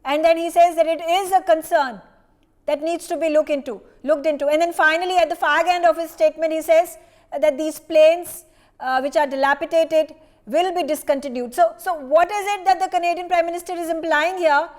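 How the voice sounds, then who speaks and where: Indian woman anchor, high voice. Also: steady tone. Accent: Indian English. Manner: halting, repeats words while framing questions. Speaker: news anchor. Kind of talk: news debate moderation.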